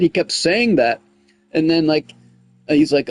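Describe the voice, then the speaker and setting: A man with a slightly raised voice talks casually on a gaming livestream, rambling with endless fillers. He gets heated and louder as he retells a conflict, while faint music plays underneath. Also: a little high, fairly quick. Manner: rambling, full of "like" and "you know what I mean".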